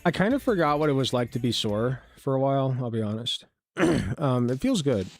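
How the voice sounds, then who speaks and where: A man's voice: mid-range voice, expressive, fairly quick, soft background music. A man hosting a casual reaction stream, rambling, swearing, and interrupting himself. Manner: rambling, profane, self-interrupting. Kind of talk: casual commentary.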